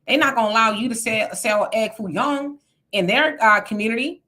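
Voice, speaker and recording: A woman's voice: on the high side, moderate pace, bright, forceful tone. A woman hosting a casual livestream, reading viewer comments aloud and reacting to them as she talks straight to her audience. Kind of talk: casual live chat.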